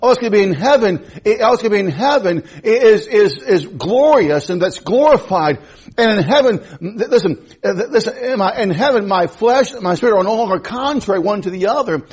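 A man's voice: high voice, animated, a little fast, darkish tone, breathy edge. A man in his fifties preaching a sermon as pastor, emphatic, repeating his phrases and restarting. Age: 50s.

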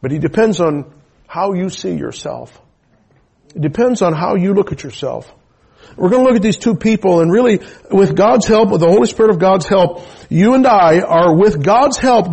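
A middle-aged man, a pastor, preaching a sermon with personal testimony and moving from quiet storytelling to shouted preaching. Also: sits high, lively intonation, normal speed, gravelly, husky.

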